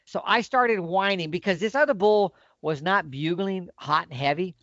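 A man's voice: high-pitched, moderate pace, no room sound. A middle-aged man telling a hunting story in a casual, folksy way. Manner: animated, folksy storyteller with lively swings. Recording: dull, lo-fi dry sound.

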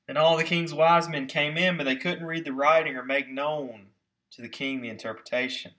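A man preaching a sermon with emphasis, slowing down to stress key words and putting rhetorical questions to his listeners. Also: fairly high pitch, steady tone, pushed and bright. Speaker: pastor.

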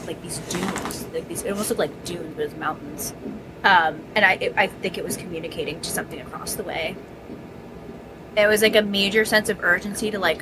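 A woman's voice: fairly low pitch, noisy background. A woman co-hosting a podcast, recalling a spooky event in an earnest way and often repeating her words. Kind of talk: casual chat.

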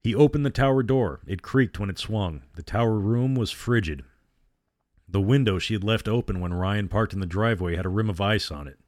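A male storyteller reading a horror novel aloud in a measured, steady way. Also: fairly low pitch, no echo, clean studio sound.

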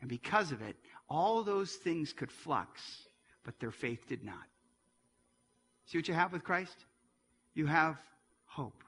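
A man in his forties preaching a sermon as pastor, earnest and rising to near-shouts at emotional moments. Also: a little high, big pitch swings, slow pace, pauses often, in a large hall. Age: 40s.

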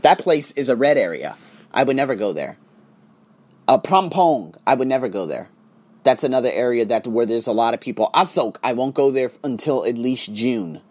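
A man ranting casually and profanely to his viewers, swinging between loud outbursts and hushed asides. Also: medium pitch, lively intonation, moderate pace. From United States. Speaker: vlogger and online teacher. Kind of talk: casual profane rant to camera.

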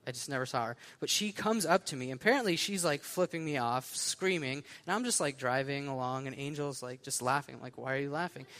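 A young man preaching a sermon, reading scripture and then telling stories in a casual, animated way full of fillers. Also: fairly high pitch. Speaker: pastor. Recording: long reverb of a large hall.

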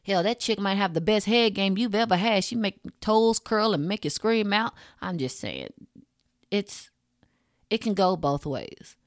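A woman's voice: mid-range voice, lively intonation, unhurried, no echo, clean studio sound. Blunt, profane woman podcast host. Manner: frank, profane, rants with punchy asides. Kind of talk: blunt casual monologue.

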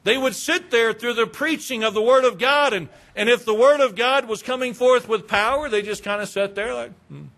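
A pastor delivers a sermon in a conversational style, posing rhetorical questions and imitating churchgoers who don't care. His voice is extremely high, with a fairly bright tone, a moderate pace, and few pauses.

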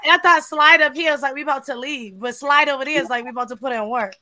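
A woman co-host telling a story in casual chat, with a very high, bright voice. She giggles and gets animated as she goes. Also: fast talker. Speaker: podcast co-host.

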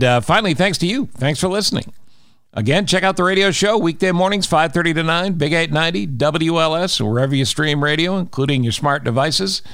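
A man's voice: fairly high pitch, a bit bright, no echo, studio quality. Breezy middle-aged male podcast host. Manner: breezy, jokey, promotional wrap-up. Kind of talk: casual interview and show outro.

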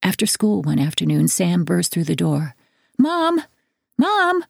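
A woman narrating a first-person memoir audiobook in a measured, earnest reading. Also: low-pitched, gravelly, warm tone, husky, no room sound, studio quality.

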